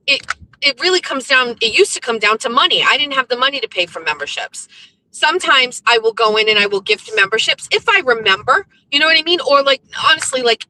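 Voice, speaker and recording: A young woman livestream host telling a story in a blunt, profane, animated way while driving in a car. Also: sits high, poor audio. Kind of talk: casual profane livestream rant.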